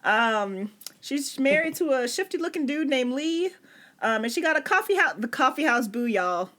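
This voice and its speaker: A woman's voice: high-pitched, expressive, moderate pace, a bit bright. A woman co-hosting a casual podcast recap, chatty with slang and frequent laughter. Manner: laughs often, uses slang. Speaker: podcast co-host.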